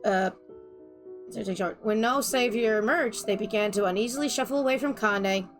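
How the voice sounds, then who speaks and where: A woman's voice: on the high side, fairly quick, faint music behind. A woman streamer reading a game's story text aloud and adding dry, wry remarks.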